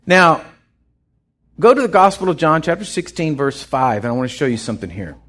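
A man's voice: a little high, brisk. A man preaching an off-the-cuff sermon, acting out voices as he goes. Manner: animated, acts out voices in his storytelling. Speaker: pastor.

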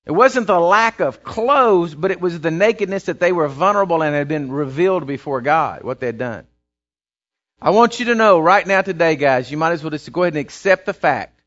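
A man's voice: fairly high pitch, animated, normal speed, fairly bright tone. A man preaching a sermon, telling a story and building to emphatic, repeated phrases. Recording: dull lo-fi sound.

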